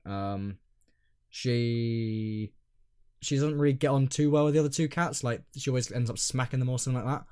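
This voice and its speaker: A young man chats on a podcast at a middle pitch, wandering through his thoughts. He pauses and restarts often, and his voice sinks quietly at the ends of his points. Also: clean tone. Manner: rambling, hesitant, trailing off quietly. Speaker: podcast co-host. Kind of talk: casual chat.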